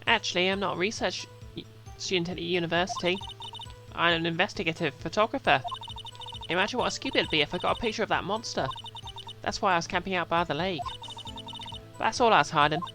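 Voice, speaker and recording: A man's voice: high voice, voice pushed up. A man playing a brash, cocky young woman photographer. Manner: raised voice, failed attempt at a southern drawl. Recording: game music behind.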